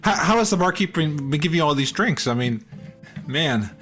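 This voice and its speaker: A man hosting a casual gaming podcast, playful and quick to giggle. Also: fairly high pitch, animated, a bit bright, soft background music. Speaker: podcast host.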